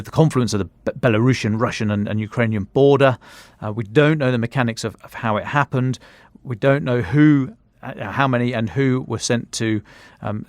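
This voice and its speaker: A man's voice: medium pitch, no room sound. A man correspondent giving a conversational news analysis, thinking aloud as he talks.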